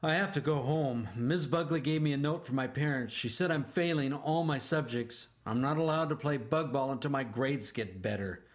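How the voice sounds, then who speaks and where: A man's voice: mid-range voice, normal speed, hardly any pauses, close to an everyday voice. A man voicing a big, sheepish schoolboy bug in a storybook, mumbling and hesitant. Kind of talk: storybook reading.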